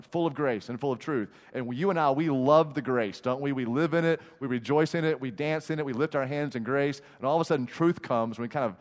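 A man, a pastor preaching a sermon in an emphatic, repetitive style with dramatic pauses. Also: mid-range voice. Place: large church sanctuary. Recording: long hall reverb.

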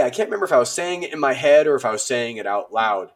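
Guy on a podcast telling an army story, lively and jokey, lots of uhs. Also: mid-range voice, quick pace. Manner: animated, self-deprecating, many fillers. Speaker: podcast guest. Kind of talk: casual storytelling.

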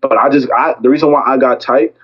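A young man casually telling a story about a fight with a girlfriend, acting out both sides with lively quoted lines. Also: mid-range voice, fast talker, slightly rough, lo-fi sound. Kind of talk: casual chat.

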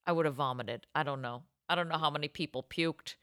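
A woman co-hosting a podcast, telling stories in an excitable, goofy, casual chat. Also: sits low, quick pace, dry recording. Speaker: podcast co-host.

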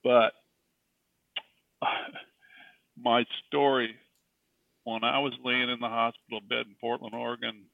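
A man's voice: mid-range voice, flat delivery, measured pace, gravelly, pauses often, no room sound. A middle-aged man, a guest telling a personal faith story in an earnest, emphatic way. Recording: distant, tinny phone-like sound.

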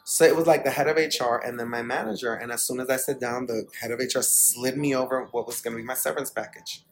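A man's voice: medium pitch, brisk, slight background noise, rough recording. Emphatic man telling his story. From Bronx, New York. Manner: emphatic, candid, swears freely. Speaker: podcast guest, startup CEO. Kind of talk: storytelling in an interview.

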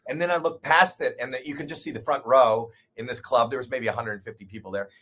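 A man in his sixties, a guest comedian telling a story in casual chat, animated, swearing and poking fun at himself. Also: medium pitch, quick pace. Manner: animated, profane, self-deprecating.

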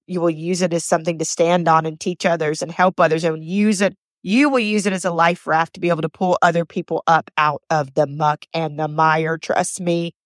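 A woman's voice: fairly low pitch, no room sound, clean studio sound. A woman hosting a motivational podcast, telling personal stories in an earnest, chatty way and repeating phrases for emphasis. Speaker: podcast host.

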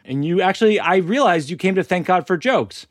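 A man's voice: sits high, animated, a little fast, dry recording, studio quality. A man hosting a podcast, chatting casually and telling stories in a rambling way that keeps interrupting itself. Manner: rambling, self-interrupting storyteller. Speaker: podcast host.

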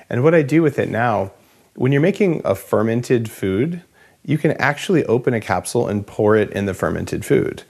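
A man hosting a health interview, talking in a relaxed, rambling, jokey way. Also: lowish voice, creaky. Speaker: podcast host. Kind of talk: casual interview chat.

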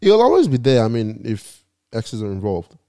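A man in casual chat, laid-back and measured, weighing his words. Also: mid-range voice, huge pitch swings, warm tone, no room sound.

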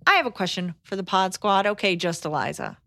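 A woman's voice: medium pitch, lively intonation, fairly quick, bright, forceful tone, no room sound. A woman co-hosting a podcast, chatty and full of questions, laughing easily. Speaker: podcast co-host. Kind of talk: casual podcast chat.

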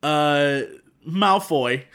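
A man co-hosting a casual podcast, recapping a movie with sarcastic, animated storytelling and mock quotes. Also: fairly high pitch, drawn-out words, clear, resonant tone. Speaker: podcast co-host.

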